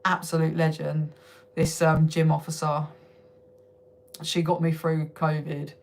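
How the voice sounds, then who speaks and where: With a deep, monotone, slightly mellow voice and vocal fry, a young British woman speaks unhurriedly. She's hosting a laid-back livestream from home on her phone, chatting with viewers, laughing a lot and swearing freely.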